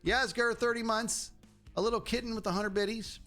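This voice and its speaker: A man's voice: very high-pitched, fairly even intonation, fairly quick, pushed and bright. Chatty middle-aged male streamer. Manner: rambling and chatty, self-interrupting and repeating words. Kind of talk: casual live-stream chat while gaming. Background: background music.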